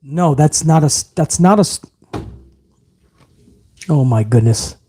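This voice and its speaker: A male host ranting on a live stream, exasperated and full of swearing. His pitch moves a lot as he vents, and he shifts quickly between disbelief and lecture. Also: husky. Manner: animated, exasperated, profane. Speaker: wrestling commentary host.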